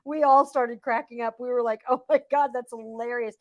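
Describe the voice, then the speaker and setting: A woman co-hosting a casual talk show, animated and teasing, laughing often as she tells stories. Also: on the high side, brisk, muffled recording. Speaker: co-host. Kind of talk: casual chat.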